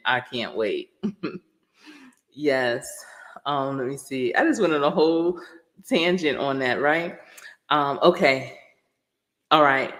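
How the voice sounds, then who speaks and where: A woman's voice: rumbling low, a bit bright. A woman coach chatting casually on a live stream. She rambles, laughs often and answers her viewers directly.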